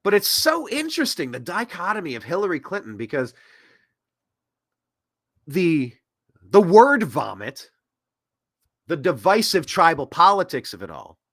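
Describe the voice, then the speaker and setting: A man's voice: on the high side, huge pitch swings, a little slow, pauses often, fairly bright tone. A man in his thirties hosting a political commentary show, rambling and sarcastic, with mocking asides. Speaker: host.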